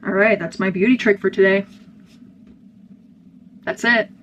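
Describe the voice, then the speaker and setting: A woman's voice: medium pitch, steady tone, a little slow, fairly bright tone, muffled recording. A young woman chatting casually while doing her hair for a get-ready-with-me vlog. She rambles, loses her train of thought and jumps between topics. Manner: rambling, scattered, easily sidetracked. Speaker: vlogger. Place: family room at home, indoors. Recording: audible background noise.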